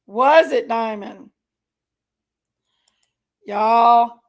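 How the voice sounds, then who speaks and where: A woman hosts a live stream and reacts to videos, talking to her chat in a slightly high voice at an extremely slow pace. She sounds indignant and exasperated, and she keeps apologizing to her viewers.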